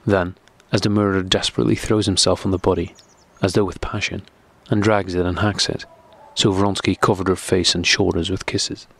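A man narrating a classic novel audiobook in a steady, measured reading. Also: low voice, creaky, husky.

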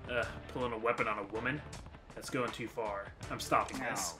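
Stoic gruff game hero, a man dropping his voice, quiet and deadpan. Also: mid-range voice, fairly quick, over music, voice pushed down, natural voice. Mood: stern.

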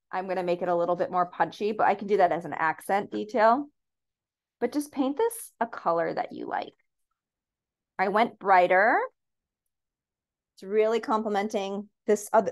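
Upbeat woman teaching a painting class. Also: medium pitch. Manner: upbeat, encouraging, step-by-step guidance. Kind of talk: live paint-and-sip class instruction.

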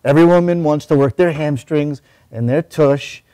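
A man's voice: on the high side, normal speed, dark tone, smooth, no echo. Breathless man coaching a workout. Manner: giving instructions while exercising. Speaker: fitness trainer. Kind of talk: coaching a workout while talking.

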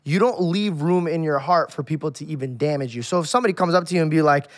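A man on a casual podcast telling stories with animated acted-out quotes and casual swearing. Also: a little high, fast talker. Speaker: podcast co-host. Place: podcast studio.

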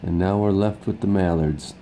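A man's voice: low voice, steady tone, normal speed, mellow, a little hiss or hum, poor audio. A man hosting a casual vlog, chatting in a rambling, upbeat way with a bit of pep talk. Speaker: vlog host.

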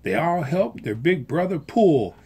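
A volunteer reads a children's picture book aloud, slow and expressive. The voice has a breathy, husky grain. Pitch moves about widely to keep the story lively. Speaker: volunteer reader.

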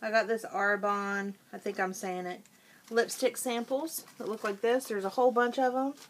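A woman's voice: medium pitch, steady tone, normal speed, slight background noise. A woman vlogger chatting casually through a product haul at home, talking while she eats.

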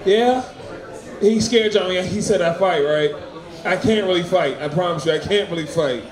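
A man doing a stand-up set with a high voice, loud and crude, often laughing at his own lines. His voice echoes through the room, and a crowd is clearly heard around him. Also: moderate pace. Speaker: stand-up comic. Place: small open mic venue.

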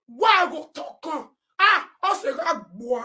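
Nigerian woman live-streamer, high and indignant, loud Pidgin rant. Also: unhurried, a little hiss or hum. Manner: animated and indignant, often shouting and reading comments aloud.

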